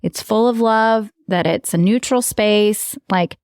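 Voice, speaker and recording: A woman's voice: medium pitch, takes it slowly, smooth, dry recording, studio quality. A woman co-hosting a podcast, chatting casually and telling stories with acted-out quotes and frequent laughs. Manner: animated storyteller who acts out quotes and laughs often. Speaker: podcast co-host. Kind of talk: casual chat.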